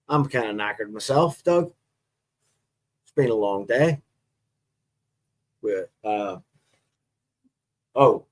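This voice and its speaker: A middle-aged man with a Northern Irish accent, hosting a live stream and chatting casually with viewers in a relaxed, rambling way. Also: fairly low pitch, slow, long pauses. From Northern Ireland. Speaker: livestream host.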